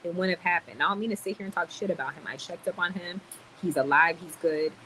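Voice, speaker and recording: A woman ranting in a casual vlog, blunt and animated, swearing and then apologizing for it. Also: on the low side, fast talker, a little hiss or hum, low-quality recording. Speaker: vlogger. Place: home in the Dominican Republic, quiet ambience.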